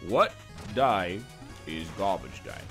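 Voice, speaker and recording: A man's voice: low voice, sing-song, slow, music in the background, pitched below the performer's own voice, full character voice. A man doing an impression of an older actor playing a formal butler, with a mock-formal manner. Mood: pompous. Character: older British male film actor, dry butler manner.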